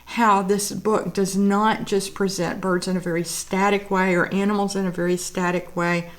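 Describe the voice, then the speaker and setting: A woman's voice: mid-range voice, little pitch movement, moderate pace, a little hiss or hum. Teary, gushing woman sharing art books. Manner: gushing, emotional, lingering on words of praise. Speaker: artist and vlogger. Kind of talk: casual show-and-tell of art books.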